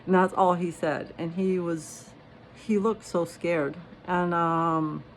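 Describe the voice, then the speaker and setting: A woman's voice: on the low side, flat delivery, takes it slowly, a little hiss or hum. A young woman who is not a native English speaker, casually telling personal stories and rambling with lots of fillers. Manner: rambling, many fillers and "you know". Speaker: storyteller.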